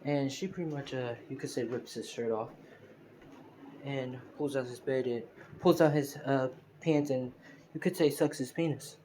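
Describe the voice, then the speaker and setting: A man's voice: medium pitch, fairly even intonation, normal speed, mellow, slight background noise, low-quality recording. A man improvising a fan story aloud, rambling with many fillers and restarts, recorded on a phone. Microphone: phone screen recorder.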